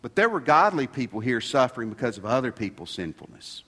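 A man's voice: medium pitch, sing-song, fairly quick, pushed and bright. A man preaching a sermon in a folksy, conversational way, asking his congregation rhetorical questions. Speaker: pastor. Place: church sanctuary. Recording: long hall reverb.

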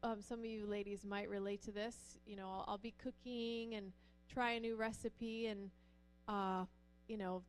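A woman speaks at a moderate pace while faint music plays behind her. As a middle-aged pastor's wife telling a church audience about her life, she stays animated and dramatizes quoted voices with a rising pitch.

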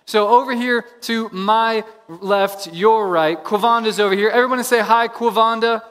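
Male pastor, sermon delivery, energetic and repetitive, high pitch, church hall echo. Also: moderate pace. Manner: energetic, repeats phrases for emphasis. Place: church sanctuary. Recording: long reverb of a large hall.

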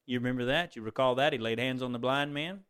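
A middle-aged man preaching a sermon, moving between fervent exclamations and quiet, tender storytelling. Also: mid-range voice, fast, clear, resonant tone.

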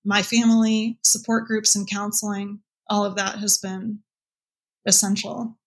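A woman's voice: medium pitch, flat delivery, a little slow. A woman speaking as an interview guest, answering in an earnest, reflective way and sometimes quoting her own past thoughts. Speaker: guest, birth mother and support group leader.

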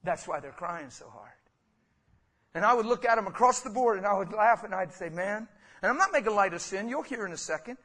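A man's voice: sits high, expressive, a little fast, sharp tone. A man preaching a sermon as a pastor, passionate and conversational, talking straight to his listeners.

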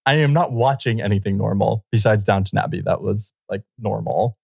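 Man, podcast co-host, low voice, dry close mic, loose rambling delivery with frequent laughs. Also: brisk, vocal fry, slightly rough, no room sound. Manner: laughs often, rambling and animated. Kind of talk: casual chat.

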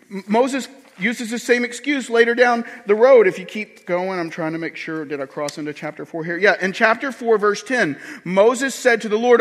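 Male pastor, high voice, lively sermon delivery, acts out quotes, long church reverb. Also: moderate pace. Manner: animated, acts out quoted voices with swings in pitch and volume.

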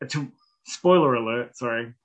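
A man co-hosting a podcast, chatting casually with relaxed, trailing sentences and frequent laughter. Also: medium pitch, moderate pace, poor audio. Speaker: podcast co-host. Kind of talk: casual chat.

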